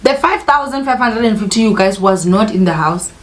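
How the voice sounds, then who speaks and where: A woman's voice: mid-range voice, lively intonation, fairly quick. A young woman vlogger telling a personal story in an emotional, candid way, often turning to speak straight to her viewers. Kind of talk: casual storytime monologue.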